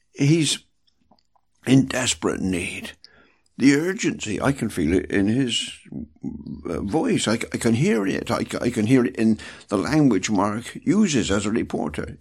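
Man preaching a bible talk, husky and gravelly, voice swooping all over, stresses words twice. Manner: emphatic, repeats words, animated swings in pitch.

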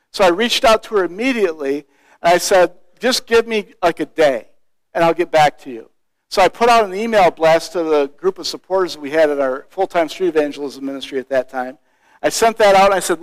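A man with a fairly high voice tells a personal story as a street evangelist, animated and lively as he acts out other people's lines. The sound is dry and close, with no room echo.

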